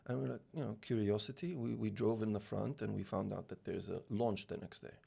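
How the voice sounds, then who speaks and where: Gravelly and husky, pitched on the low side and fairly quick, this UAE-raised man in his forties spins a long anecdote as a podcast guest. A real estate founder, he animatedly voices the people in his story and repeats words as he restarts sentences in this storytelling interview.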